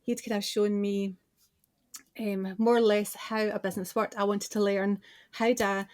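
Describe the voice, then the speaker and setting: A Scottish woman in her forties, a business owner and designer, chats as a podcast guest, telling stories and often restarting her sentences in a casual interview. Her mid-range voice has a darkish tone and a level, unhurried delivery, with no room sound.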